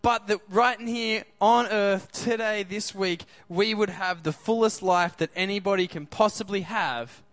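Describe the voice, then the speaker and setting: A man preaches with a bright, high-pitched voice. He keeps the crowd involved with quick questions. The sound is close and dry, with little room around it. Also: fairly even intonation, no echo. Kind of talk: sermon.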